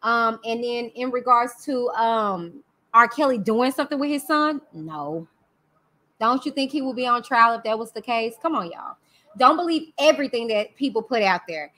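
A woman with a Texan accent hosts a casual live stream. Her voice sits high and rings bright. She talks candidly and with energy straight to her viewers, full of "y'all" and "you know what I'm saying". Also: expressive, moderate pace. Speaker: livestream host.

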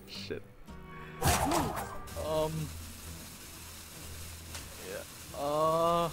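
A high-pitched young man narrates his own card game live, veering from hushed worry to shouted triumph and laughing often. He talks in a slow, drawn-out way between outbursts. Loud game music plays under his voice throughout. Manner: shouts and laughs in wild swings of excitement. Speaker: gaming video host. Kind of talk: excited live gameplay commentary. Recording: game music playing behind.

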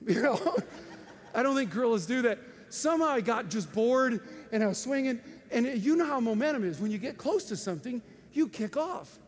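A man preaching with an animated storytelling manner, laughing often and breaking into sudden loud outbursts. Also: extremely high pitch, husky. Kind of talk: storytelling sermon. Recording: faint noise and long hall reverb.

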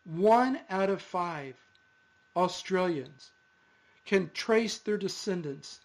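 A man's voice: sits high, expressive, slow. A male pastor giving an earnest, emotional sermon in a church.

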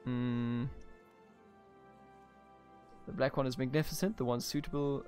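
A man's voice: mid-range voice, steady tone, a little slow, darkish tone, soft background music. A man from Bavaria with a German accent, casually commenting on a strategy game he plays, swearing, laughing and talking to the game's characters. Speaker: let's play host.

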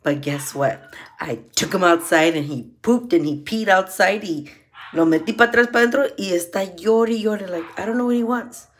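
Middle-aged woman, lowish voice, profane bilingual vlog rant. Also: normal speed. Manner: profane, switches between English and Spanish. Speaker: vlogger.

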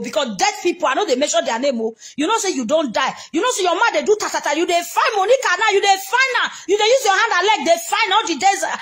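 Shouting Nigerian woman with a very high voice. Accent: Nigerian Pidgin English. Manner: heated, cursing and shouting, repeating lines. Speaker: social media vlogger. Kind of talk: angry ranting address to a rival.

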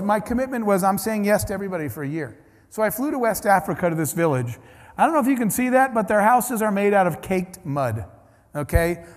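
A man with a fairly high voice delivers a keynote to a large audience, acting out each exchange of his story. His voice rings with a long hall reverb. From Ohio, United States. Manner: animated storyteller acting out dialogue. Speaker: keynote speaker.

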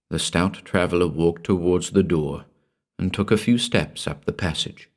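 A man giving a measured, dramatic scripted narration of a classic horror story. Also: low-pitched.

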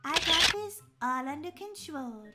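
A woman voicing a bossy, excitable teenage fashionista girl who teases and talks in a sing-song way. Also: high voice, a little slow, very noisy. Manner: pushy, teasing, sing-song. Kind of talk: voicing a role-play video.

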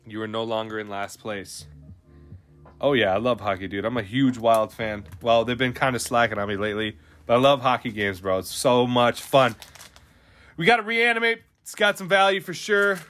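A young man hosting a card pack opening, talking in an animated, slangy way with lots of "dude" and "bro". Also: mid-range voice, moderate pace. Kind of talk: excited live commentary on pack openings. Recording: faint music behind.

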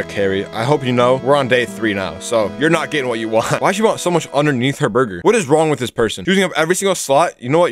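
A young man giving casual, joking commentary while playing a cooking game and trash-talking its customers. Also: medium pitch. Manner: joking, trash-talks the customers, excitable outbursts. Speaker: gaming YouTuber.

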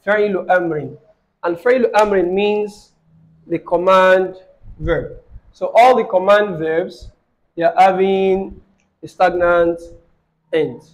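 Brief: male tutor with a high voice, patient, checks in often, repeats each phrase slowly. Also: fairly even intonation, muffled recording. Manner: asks the student questions and repeats phrases slowly. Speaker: Arabic grammar teacher. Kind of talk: live online lesson with a student.

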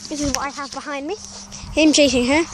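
A woman's voice: high-pitched, fairly even intonation, fast talker. A woman chatting casually for a vlog, rambling and correcting herself as she goes, outdoors on a farm among chickens. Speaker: vlogger. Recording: loud outdoor noise, animal sounds. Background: loud outdoor noise and animal sounds.

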